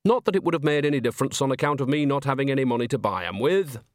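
A man's voice: medium pitch, lively intonation, racing, dry recording, studio quality, lightly acted. A man voicing a cheerful, earthy old woman witch who talks in a rambling, folksy, sly way. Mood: chatty. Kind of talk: audiobook character voice.

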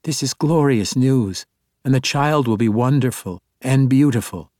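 A man's voice: mid-range voice, unhurried, darkish tone, no echo, voice pushed up, close to an everyday voice. Man reading an exuberant monk, formal and eager, courteous, audiobook, dry sound. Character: earnest, exuberant male monk.

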